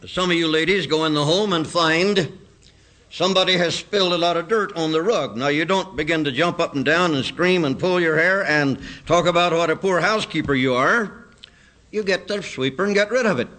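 A man preaching a sermon, reading scripture aloud in an earnest, measured cadence. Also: high voice, sharp tone, low-quality recording.

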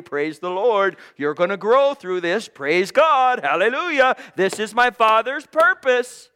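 Man, preacher, sermon, impassioned, loud to whispered, high-pitched. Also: expressive, measured pace, smooth. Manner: impassioned, swings from shouting to whispers.

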